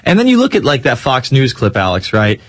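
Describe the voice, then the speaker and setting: A man's voice: medium pitch, wildly swooping pitch, brisk, fairly bright tone, no echo. A man co-hosting a talk radio show, speaking animatedly and acting out quotes.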